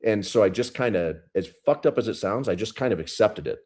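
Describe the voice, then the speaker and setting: Deep-voiced man in his thirties, police sergeant, blunt and profane interview guest. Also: animated, a little fast, a little mellow. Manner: blunt, profane, intense retelling. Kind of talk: casual storytelling interview.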